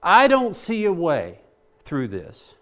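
A man's voice: high voice, huge pitch swings, slow pace, a bit bright. A male preacher giving a sermon, praying aloud with passion as he paraphrases scripture.

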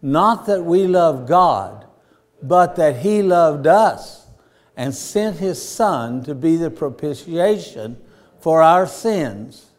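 A man preaching a sermon, slow and deliberate, rising to emphatic points. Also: on the high side, lively intonation. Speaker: pastor.

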